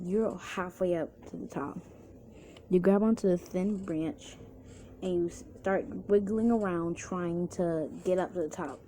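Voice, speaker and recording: A woman's voice: on the low side, dark tone, slight background noise. A woman narrating a second-person fan story casually, with restarts and chatty asides.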